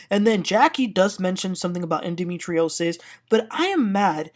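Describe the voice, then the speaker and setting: A woman's voice: lowish voice, animated, brisk. A woman hosting a casual reality TV recap, retelling scenes and adding blunt, opinionated commentary. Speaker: TV recap host.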